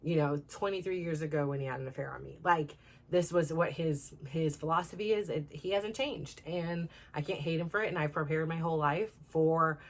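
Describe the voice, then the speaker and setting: Woman, middle-aged, low deep voice, rambling casual storytelling, lots of filler words and restarts, self-help host. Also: moderate pace. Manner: rambling, heavy use of "like" and "you know", frequent restarts. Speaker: self-improvement podcast host.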